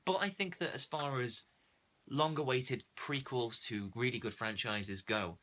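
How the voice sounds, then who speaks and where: A man's voice: mid-range voice, unhurried, pushed and bright. A man, co-hosting a casual film review chat, sarcastic, acting out quoted characters. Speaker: podcast co-host.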